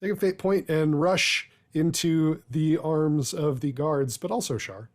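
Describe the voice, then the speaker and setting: Man, game master, slightly high voice, measured narration, tabletop game. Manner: measured, deliberate narration with filler pauses.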